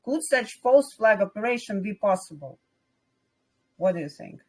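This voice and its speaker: A woman's voice: medium pitch, sing-song, moderate pace, a little mellow, low-quality recording. Woman interviewer, Russian first language, hesitant delivery on a remote live call. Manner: hesitant, many fillers. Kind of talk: reading a viewer's question.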